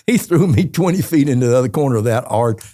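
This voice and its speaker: A man's voice: medium pitch, lively intonation, a little fast, dark tone, no room sound, clean studio sound. A man in his eighties with a Southern US accent, a podcast guest telling long rambling stories and laughing as he goes. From Georgia, USA. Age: 80s. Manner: colorful rambling storyteller, laughs as he tells it. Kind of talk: storytelling interview.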